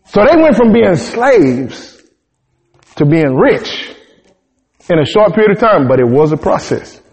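A man preaching a sermon, retelling the story in a humorous, slangy, animated way. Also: high voice, a little slow. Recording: dull sound in a reverberant hall.

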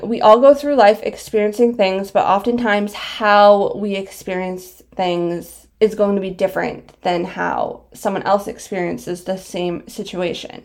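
A woman's voice: mid-range voice, darkish tone. A young woman vlogger talking in a casual, reflective way and explaining things step by step, audibly out of breath. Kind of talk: casual commentary.

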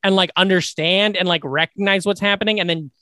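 A young man chats excitedly about a favorite film, slipping into quick impressions of its lines. His voice sits high and bright. The sound is close and dry, with no room around it. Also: no room sound. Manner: animated, acts out movie quotes in funny voices. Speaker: podcast co-host. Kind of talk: casual movie chat.

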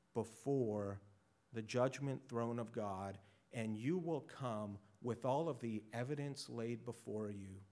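A male pastor preaching a sermon, dramatic and shifting between loud and hushed. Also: mid-range voice.

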